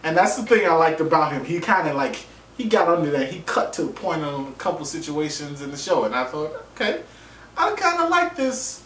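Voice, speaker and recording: Brisk and a little high, the man runs through a TV episode in a casual vlog review, joking, swearing, and acting out people's lines with animation. Slight background noise sits under a roomy, distant-mic recording with faint ambience.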